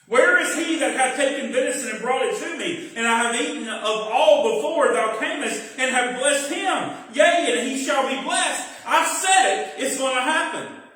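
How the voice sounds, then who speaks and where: A man's voice: very high voice, lively intonation, normal speed, few pauses, pushed and bright, voice pushed up, heavily acted. A preacher voicing Isaac, an old father, trembling and distraught. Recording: very echoey hall from far off.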